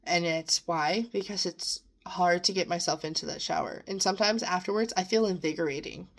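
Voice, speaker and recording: A woman's voice: lowish voice, fairly quick, vocal fry. A young woman talking earnestly in a personal vlog, sometimes close to tears as she encourages herself and her listeners. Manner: earnest, emotional, self-encouraging. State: near tears at times. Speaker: vlogger. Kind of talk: personal reflective monologue.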